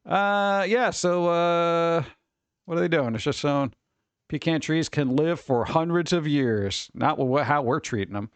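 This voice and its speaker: A man's voice: a little high, unhurried, clean tone, dry recording. A man hosting a casual live stream, chatting with viewers and making wisecracking, sarcastic asides. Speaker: streamer host.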